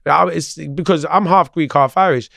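A man's voice: on the high side, moderate pace, creaky, no room sound, clean studio sound. A man with a London accent tinged by Jamaican patois, a guest chatting casually and laughing easily. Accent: London English with Jamaican patois twang. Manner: laughs easily, relaxed and chatty, repeats himself. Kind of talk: casual interview chat.

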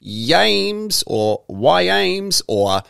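A man's voice: sits high, very animated, drawn-out words, gravelly, fairly bright tone, clean tone. A young man with an Australian accent hosting a casual podcast chat, joking and teasing his guest. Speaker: podcast host.

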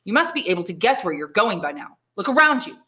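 A woman's voice: medium pitch, big pitch swings, fast, sharp tone, pitched above the performer's own voice. A woman reading the lines of a curt, dismissive male police guard.

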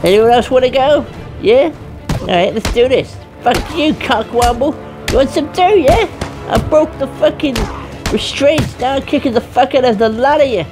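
A woman's voice: sits high, animated, normal speed. Rowdy, foul-mouthed woman gamer. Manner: loud, profane, playful, rowdy. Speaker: gaming streamer. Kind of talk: let's play commentary. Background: game music.

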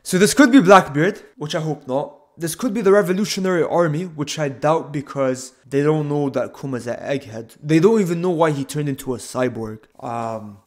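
A man's voice: fairly high pitch, moderate pace, few pauses, darkish tone. A young man giving a casual, rambling manga chapter review on camera, often interrupting himself and drifting off topic.

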